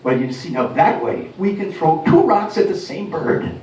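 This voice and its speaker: A man's voice: high voice, lively intonation, normal speed, dark tone, slight background noise. A man voicing an older Irish mother with a lilting brogue who twists old sayings with a straight face. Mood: deadpan. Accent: Irish brogue, put on. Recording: roomy, distant mic, faint ambience.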